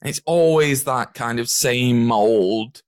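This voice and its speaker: A man, co-hosting a podcast in animated, sweary casual chat. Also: medium pitch, slow pace, dry recording, studio quality. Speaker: podcast co-host.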